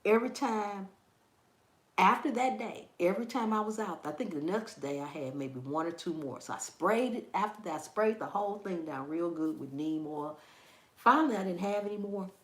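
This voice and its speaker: A woman hosting a gardening channel chats with her viewers, telling a story in an animated way. She laughs and exclaims often, and her pitch swings high and low. The recording sounds like an echoey room. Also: normal speed. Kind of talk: casual chat with viewers.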